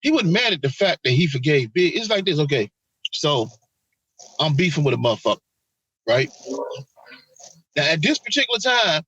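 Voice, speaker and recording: A man co-hosting a casual podcast chat, talking in an animated, profane way and acting out quotes. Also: fairly high pitch, normal speed, long pauses, husky, dry recording, lo-fi sound. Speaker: podcast co-host.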